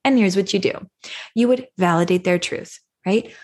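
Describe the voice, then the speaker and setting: Breathy woman coaching listeners. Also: medium pitch, normal speed, darkish tone. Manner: coaching, emphatic, role-plays example phrases. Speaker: parenting podcast host. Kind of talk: solo podcast teaching.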